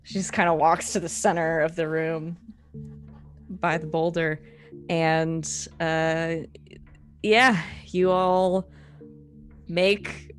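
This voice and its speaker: Low-voiced woman running a tabletop game. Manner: casual, halting with many ums and uhs. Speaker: game master.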